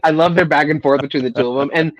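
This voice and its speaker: A man's voice: fairly high pitch, steady tone, very fast, no echo, low-quality recording. A man co-hosting a casual podcast chat, rambling a little and acting out quotes. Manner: rambling, quotes lines in a raised voice. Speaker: podcast co-host. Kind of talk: casual chat about a film.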